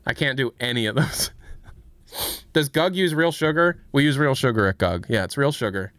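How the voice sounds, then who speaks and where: A man's voice: medium pitch, normal speed, dry recording. A man chatting casually on a livestream, joking with his chat and trying out impressions. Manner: joking, does impressions, lively. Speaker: streamer.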